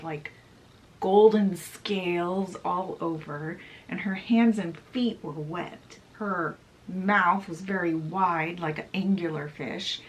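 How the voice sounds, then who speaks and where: Woman slowly summing up a book plot, chatty, lots of likes and uhs. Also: lowish voice, low-quality recording. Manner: chatty with frequent fillers. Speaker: book channel host. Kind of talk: casual book summary retelling.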